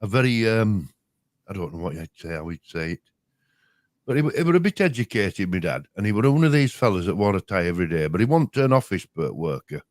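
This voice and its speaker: An older man with a broad Yorkshire accent chats casually and rambles through memories as a co-host. His voice sits low and sounds dry and close, with no room around it. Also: big pitch swings, a little fast, no echo. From Yorkshire, England. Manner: rambling storyteller, broad dialect, chuckling. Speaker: podcast co-host. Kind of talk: casual reminiscing chat.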